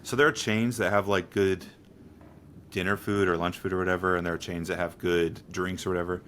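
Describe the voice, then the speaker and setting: Deep-voiced man in casual podcast chat. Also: level tone, a little fast, fairly bright tone, a little hiss or hum. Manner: laughs often, rambling fillers. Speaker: podcast co-host.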